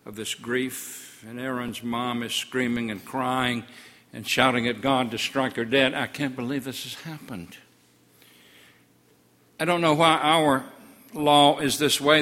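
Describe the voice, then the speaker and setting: An older man voices a twelve-year-old village boy who tells of a miracle with earnest wonder. The tone is bright and forceful, and it sinks low and hushed in the sad moments. A long church reverb trails each phrase. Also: close to an everyday voice. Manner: earnest storytelling, voice drops low in sorrowful passages. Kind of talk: first-person story sermon.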